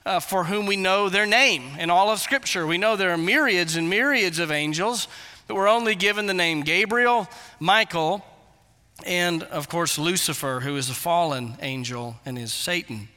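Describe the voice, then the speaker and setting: A man's voice: high-pitched, normal speed, bright, forceful tone, long reverb tail. A male pastor preaching a sermon, earnest and explanatory, with emphatic repetitions.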